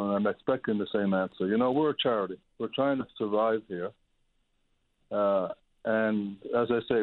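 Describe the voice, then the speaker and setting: Caller: older man in his 70s, hoarse, exasperated, keeps repeating himself; tinny dry phone audio. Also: on the low side, no echo. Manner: exasperated, pleading, repetitive outbursts. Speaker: caller, charity manager. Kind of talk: call-in radio complaint. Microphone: telephone.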